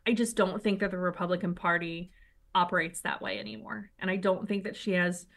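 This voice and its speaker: A woman of middling pitch co-hosting a political talk show. She is blunt and opinionated and talks in long, flowing runs. Her tone stays casual. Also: steady tone, brisk, gravelly, a bit bright. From United States. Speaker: co-host.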